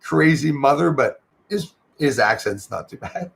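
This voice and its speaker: A man's voice: on the high side, lively intonation, a little slow, vocal fry. A man hosting a casual livestream from home, chatting loosely, reading out viewer comments and greeting viewers, sometimes in French. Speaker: livestream host. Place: home in Canada near the Michigan border.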